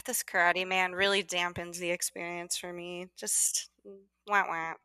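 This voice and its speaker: A podcast co-host, a woman with a bright, clear voice and a wry, chatty way of talking. She leans on "like" constantly as she riffs. The sound is dry and close, with no room around it. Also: fairly low pitch, flat delivery, a little slow, dry recording. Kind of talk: casual chat.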